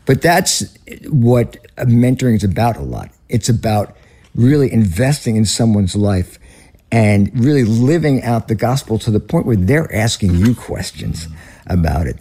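Mellow-voiced older Northern US man. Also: medium pitch. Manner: earnest, storytelling. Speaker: ministry leader, guest. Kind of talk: conversational interview.

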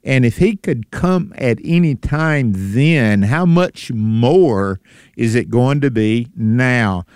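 A man's voice: medium pitch, lively intonation, takes it slowly, a little mellow, clean tone, no room sound, studio quality. Earnest man co-hosting a radio show. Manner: earnest, emphatic. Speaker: radio co-host. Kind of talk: casual radio conversation.

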